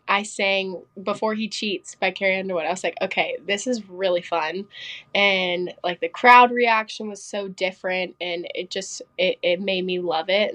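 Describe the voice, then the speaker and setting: A young woman from Pennsylvania, a singer guesting on a podcast, telling stories in a quick, chatty way full of fillers. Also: medium pitch, a bit bright. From Pennsylvania, United States. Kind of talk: casual interview chat.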